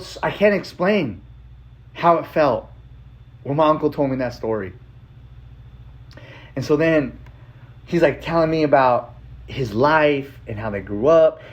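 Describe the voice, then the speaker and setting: A man telling a personal story in a casual, rambling way, full of filler words and swearing, emotional and excited. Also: a little high, measured pace, long pauses. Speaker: vlogger.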